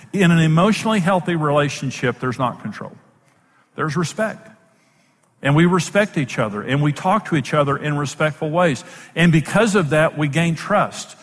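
A man's voice: fairly high pitch, fairly bright tone, in a large hall. A man who is a Bible teacher and program host, giving an emphatic, plain-spoken sermon-style teaching in numbered points.

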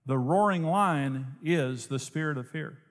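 A man preaching a sermon, telling a story in an animated way and laughing often. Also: a little high, unhurried. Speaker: pastor. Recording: long hall reverb.

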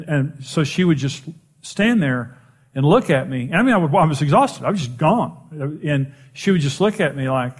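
A middle-aged man pastor preaching a sermon, telling a personal story in a self-deprecating way and rising in pitch for emphasis.

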